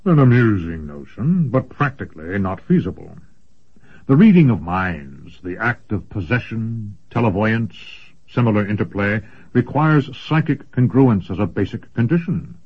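Guy voicing a big grumpy old wizard, low rumbly lecturing voice, lo-fi muffled. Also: breathy edge. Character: massive, gruff old male sorcerer, skeptical. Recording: dull lo-fi recording.

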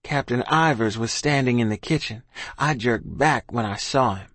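A man narrating a story in first person, in an earnest, steady manner. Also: mid-range voice, moderate pace, no room sound. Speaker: audiobook narrator.

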